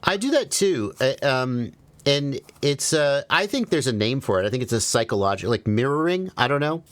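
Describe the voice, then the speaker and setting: Animated man chatting on a livestream. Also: moderate pace, dry recording. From American South. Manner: animated storyteller, jumps high on quoted asides. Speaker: livestream host. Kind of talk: casual livestream chat.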